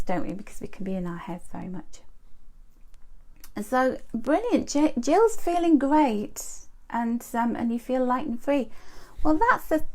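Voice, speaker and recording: Slightly high-voiced woman doing a live card reading, chatty, keeps calling out viewers by name. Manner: chatty, greets viewers by name, animated asides. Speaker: angel card reader.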